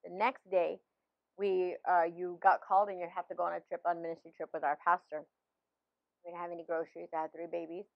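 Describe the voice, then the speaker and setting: A woman's voice: on the low side, flat delivery, fast talker, creaky, dry recording, highs cut off. A woman in her fifties, a pastor, sharing a personal faith story in conversation with many restarts and laughs.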